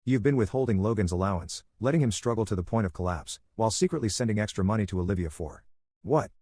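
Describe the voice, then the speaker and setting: A man voicing a stern middle-aged father who presses with sharp questions, read in a steady narrating voice. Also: on the low side, quick pace, no room sound, clean studio sound. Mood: stern, angry.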